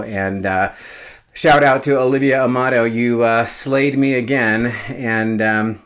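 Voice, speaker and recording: A man's voice: medium pitch, steady tone, a little slow, fairly bright tone, smooth. A realtor in his fifties talking casually on his own vlog. He rambles with many fillers and is still slightly out of breath after a workout. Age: 50s.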